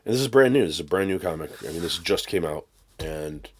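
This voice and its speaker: A man's voice: sits low, lively intonation, fast, slightly rough. A man hosting a casual unboxing vlog at his desk, rambling and sarcastic, with mock rants. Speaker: channel host. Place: home desk with camera and laptop.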